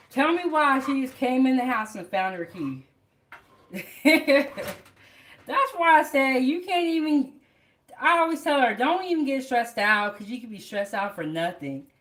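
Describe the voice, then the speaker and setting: A woman's voice: high voice, a bit bright. A woman hosting a live home cooking show, chatting casually to her viewers from her kitchen. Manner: chatty, talks straight to viewers.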